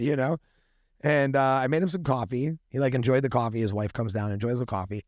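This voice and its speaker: A man's voice: medium pitch, fairly even intonation, brisk, darkish tone, dry recording, clean studio sound. A man talking as a podcast guest and company founder, telling stories casually and animatedly, swearing freely and acting out the people in them. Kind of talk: casual storytelling. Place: podcast studio room.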